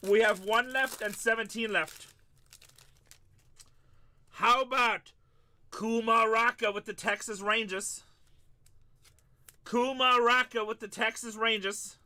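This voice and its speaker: A man hosts a live card break stream, calling out each player as it comes and chatting with viewers between pulls. His voice sits high and sounds very bright and forceful. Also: fairly even intonation, a little slow. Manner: hyped, calls out pulls and chats with viewers.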